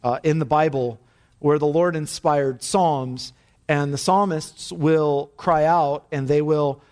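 A man's voice: fairly high pitch, fairly even intonation, slow pace, a little mellow. A man preaching a sermon, earnest, often repeating words and quoting scripture with rising feeling.

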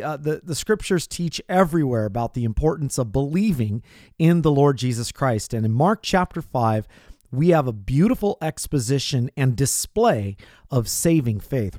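An earnest man opens a radio ministry program, his voice sitting a little high and moving through a lively range. The sound is dry and close, with no room around it. He speaks in an inviting, pastoral way. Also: no room sound.

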